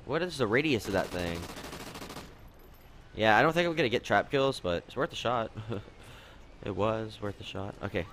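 A young man commentating on his own gameplay, excitable, yelping and complaining at the game as he plays. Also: fairly low pitch, moderate pace, pauses often, noisy background. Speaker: gaming commentator.

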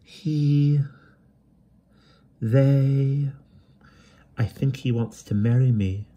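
A man's voice: mid-range voice, takes it slowly, warm tone, breathy edge, highs cut off, pitched above the performer's own voice. A man voicing a shy, dreamy young woman who talks hesitantly and stammers. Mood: timid.

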